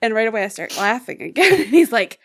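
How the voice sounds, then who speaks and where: Animated woman telling a funny story. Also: a little high, quick pace. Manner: animated storyteller, laughs often, acts out voices. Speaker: podcast co-host. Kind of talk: casual storytelling chat.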